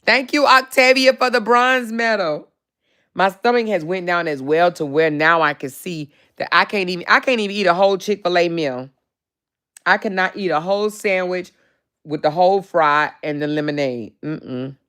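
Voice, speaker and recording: A woman hosting a casual livestream, chatting with viewers and reading their comments in an animated, salty way, with lots of "child" and "baby.". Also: on the low side, moderate pace, clear, resonant tone. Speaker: livestream host.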